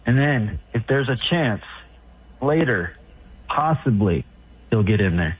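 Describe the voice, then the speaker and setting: A man's voice: medium pitch, lively intonation, takes it slowly, breathy edge. A man calling into a sports radio show, talking hesitantly with lots of fillers. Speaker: caller. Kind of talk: call-in radio talk. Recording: phone line.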